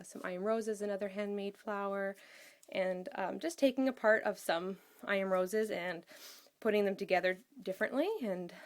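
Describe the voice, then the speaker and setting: Woman, casual craft show-and-tell, enthusiastic, gushing, filler-heavy. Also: medium pitch. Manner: enthusiastic, gushing, with many ums. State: out of breath. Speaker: craft vlogger.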